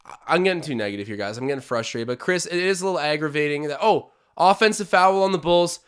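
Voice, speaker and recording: A young man from Canada hosting a live basketball watch-along, calling plays and chatting with his viewers, animated and swinging from hype to groans. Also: fairly high pitch, quick pace, clean tone. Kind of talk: excited live game commentary with chat.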